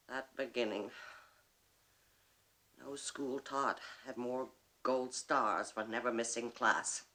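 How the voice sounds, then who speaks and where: A woman's voice: a bass voice, sharp tone, exaggerated voice. An actress playing a bitter, wry middle-aged woman who mocks herself with dry theatrical wit. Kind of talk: stage play performance.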